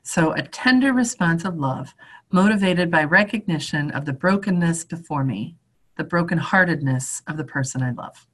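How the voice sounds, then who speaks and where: A middle-aged woman, a religious sister and teacher, giving a reflective spiritual talk and telling a story in an unhurried, conversational way with fillers and restarts. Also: fairly low pitch, lively intonation.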